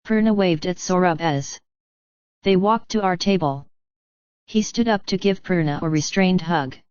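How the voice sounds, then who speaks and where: Smooth-voiced woman narrating an audiobook. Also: fairly low pitch, a little slow, a little mellow, dry recording, dull audio. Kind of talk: scripted narration.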